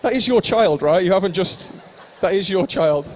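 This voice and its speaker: A man's voice: sits high, expressive, moderate pace, a little hiss or hum. A young man hosting a live stage show, joking and teasing the audience in improvised comic banter. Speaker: stage host at a live fan convention.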